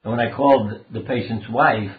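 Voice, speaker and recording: An older man who is a doctor and author speaks in a mid-range voice at normal speed. As an interview guest, he earnestly tells rambling personal anecdotes in a conversational storytelling style. The sound is like a phone line in a roomy space.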